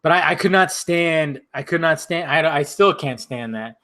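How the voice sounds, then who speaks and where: Guy with kinda high voice, hiccups, drinking and rambling, swears a lot. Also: moderate pace, hardly any pauses. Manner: rambling, swearing, laughing, animated rants. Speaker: channel host. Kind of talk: casual drinking-stream chat.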